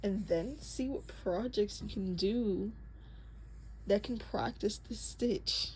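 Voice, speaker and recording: Demonstrating crochet basics at a slow pace, a young woman with a mid-range voice keeps things chatty and relaxed, fixing her slips with small laughs. Her heavy breathing comes through a close mic, and the rough audio carries a faint hiss or hum.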